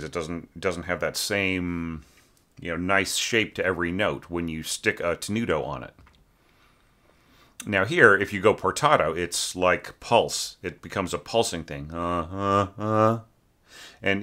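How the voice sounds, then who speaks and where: A man's voice: low-pitched, sharp tone. A man teaching orchestration, reviewing a student's score in an informal, rambling way, often singing short syllables to show how notes should sound. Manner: thinks aloud, sings note shapes, many fillers.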